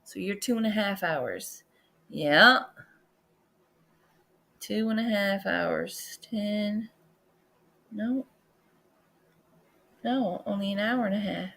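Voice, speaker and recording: A woman hosting a casual livestream, excitable and chatty, jumping from loud exclamations to quiet muttering. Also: medium pitch, takes it slowly, creaky, long pauses. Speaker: livestream host.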